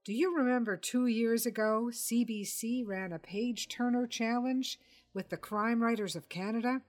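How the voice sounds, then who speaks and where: A man's voice: very high voice, moderate pace, faint music behind, voice pushed up. A woman reading a pompous fussy male writer. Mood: exasperated. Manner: pompous, exasperated. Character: fussy self-important male crime writer.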